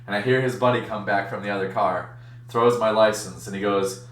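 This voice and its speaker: A man's voice: lowish voice, a little fast, reverberant, distant mic. A man hosting a live stream, telling a story casually and acting out the voices of the people in it. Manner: animated, acts out other voices in his story. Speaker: streamer and card-break host.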